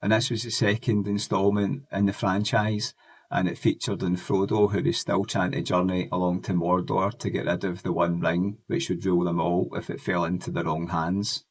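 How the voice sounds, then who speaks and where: A man talks casually for his nostalgia vlog, rambling and enthusiastic. His voice sits a bit low. He keeps an easy, chatty flow as he recalls old shows. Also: flat delivery, normal speed. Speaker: music and pop culture vlogger.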